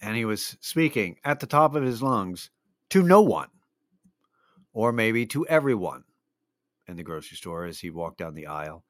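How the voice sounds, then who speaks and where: A man's voice: on the low side, sing-song, moderate pace, pauses often, no room sound, clean studio sound. A man hosting his own show, telling rambling, profane stories in a wry, casual way with lots of fillers. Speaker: podcast host. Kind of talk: casual solo monologue.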